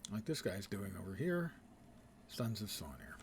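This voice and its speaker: A man's voice: on the low side, big pitch swings, normal speed, gravelly, a little hiss or hum. A man giving casual, joking commentary while playing a video game on a live stream. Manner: wry, joking asides.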